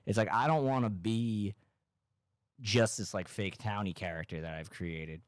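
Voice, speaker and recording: A man from Massachusetts hosting a casual comedy podcast, rambling in a deadpan, ironic way with lots of "like". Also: lowish voice, a little slow, dry recording, clean studio sound. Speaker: podcast host.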